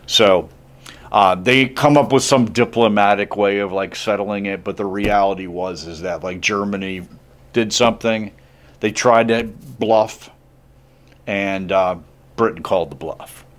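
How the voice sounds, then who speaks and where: A man's voice: lowish voice, fairly even intonation, measured pace. A male history teacher giving a casual classroom lecture, chatty and jokey, with lots of "like" and acted-out asides.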